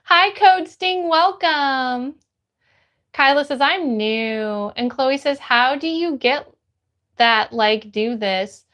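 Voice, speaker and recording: A woman's voice: sits high, expressive, takes it slowly, a bit bright. A woman livestreamer reading her chat aloud, upbeat and greeting viewers by name.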